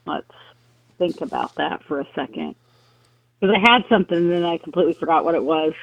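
A man's voice: fairly high pitch, animated, fairly quick, vocal fry, dry recording, muffled recording. A man co-hosting a casual podcast chat, asking questions in an easygoing way and chuckling. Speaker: podcast co-host.

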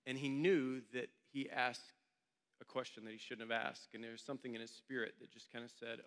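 Bright-voiced pastor in a reverberant hall. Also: male voice, mid-range voice, fairly even intonation, brisk, clear, resonant tone. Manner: conversational storytelling, informal. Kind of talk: sermon. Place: church meeting room.

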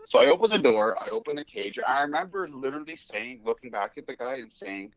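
Animated young man telling a story. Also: medium pitch, fast talker, dry recording. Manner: animated, acts out quotes, laughs often, swears. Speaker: podcast co-host. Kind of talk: casual storytelling chat. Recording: dull dry studio mic.

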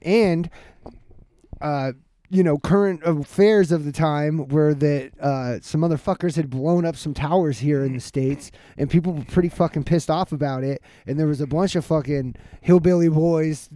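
A man in his thirties telling a story in casual chat, animated and heavy with profanity. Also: on the high side, normal speed, no echo.

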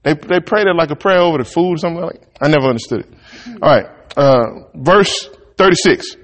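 A male preacher works through a scripture passage, reading it out and then stepping aside to explain it in relaxed, homespun talk. His voice sits high, and the room carries a long, ringing reverb. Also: a little fast. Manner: conversational, reads verses then riffs in folksy Southern-style talk.

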